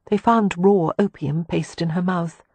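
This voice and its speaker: A woman voicing Poppy, a gentle, kind young woman who speaks affectionately. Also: on the low side, steady tone, unhurried, slightly rough, no room sound. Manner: gentle and warm.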